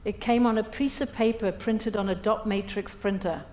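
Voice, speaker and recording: This is a middle-aged woman at normal speed with a mid-range voice, giving a keynote of funny stories at her own expense during a breakfast event. She's animated, acts out what people said, and the room echoes.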